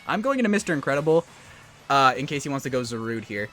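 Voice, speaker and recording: A man's voice: medium pitch, big pitch swings, fast, fairly bright tone, soft background music. A young man giving live commentary on his own competitive game match, trash-talking his opponent between bits of strategy. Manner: musing strategy talk under his breath.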